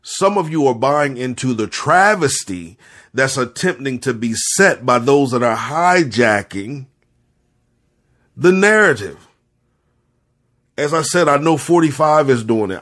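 A man's voice: a little high, a bit bright. A man giving an impassioned, earnest spoken reflection to an audience, speaking directly to his listeners and repeating phrases for emphasis.

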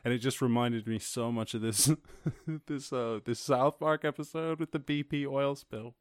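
A man hosting a casual podcast, ranting about the news in a profane, animated way, full of laughs and asides. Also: medium pitch, moderate pace, dry recording, clean studio sound. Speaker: podcast host.

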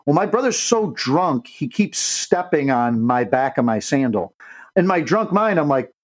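A man's voice: on the high side, a little slow, low-quality recording. A young man, a podcast co-host, telling a long rowdy story in casual, profane talk and acting out the voices of the people in it. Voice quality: profane, animated, acts out quoted voices.

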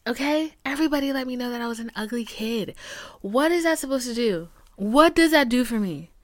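Young woman, podcast host, candid venting, swears freely, dips into whispers, higher voice, dry sound. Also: lively intonation, fairly quick, no echo. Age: 20s. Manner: blunt, profane, heated venting with whispered asides. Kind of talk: candid solo podcast talk.

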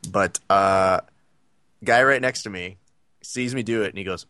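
Rambling man with a low, dry voice. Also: unhurried, pushed and bright, clean tone, no echo. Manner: rambling, many fillers, laughs often. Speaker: podcast co-host. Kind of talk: casual chat.

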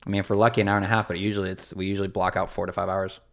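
A young man, a guest on a podcast, telling animated stories about his work and acting out the dialogue. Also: low-pitched, rapid-fire. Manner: animated storyteller, acts out dialogue in voices. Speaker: guest, videographer and producer. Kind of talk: casual podcast conversation.

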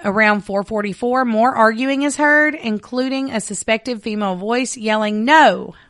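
A woman's voice: on the high side, normal speed, fairly bright tone, no room sound. Woman reading a true-crime case, dry. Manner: reads case details aloud, addresses listeners as y'all. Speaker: podcast host. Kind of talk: casual true-crime storytelling.

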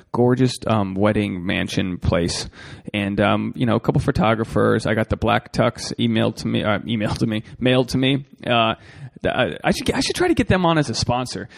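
A man's voice: fairly low pitch, vocal fry. A man hosting a solo podcast, rambling and swearing freely as he talks straight to his listeners. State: a bit out of breath. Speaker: podcast host.

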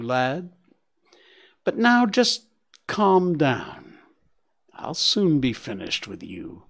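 A man's voice: medium pitch, gravelly, exaggerated voice. A man voicing Ronno, a limping older male stag who talks with mocking contempt, in an audiobook reading. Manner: mocking, condescending.

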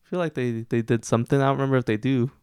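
Laid-back young man, smooth voice. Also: mid-range voice, steady tone, racing, darkish tone, no echo, clean studio sound. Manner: laid-back, laughs often, short replies. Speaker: podcast co-host. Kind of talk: casual movie review chat.

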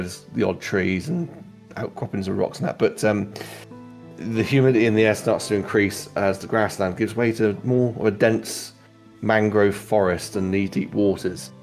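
A man's voice: fairly low pitch, a little mellow. A man narrating a tabletop game as game master, casual and rambling with many fillers.

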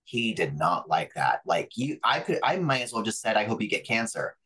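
A young adult man, a pro wrestler guest on a podcast, telling stories in a lively, profane way and acting out other people's voices. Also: lowish voice, normal speed, husky, low-quality recording. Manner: animated, profane, acts out quoted voices. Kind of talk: casual interview storytelling.

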